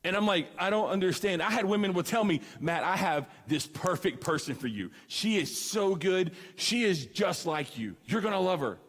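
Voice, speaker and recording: A man's voice: sits high, normal speed, hardly any pauses. A man in his thirties giving a comic youth sermon, acting out the voices in his stories. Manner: animated storyteller, acts out dialogue. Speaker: student ministry speaker. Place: church hall. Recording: long hall reverb.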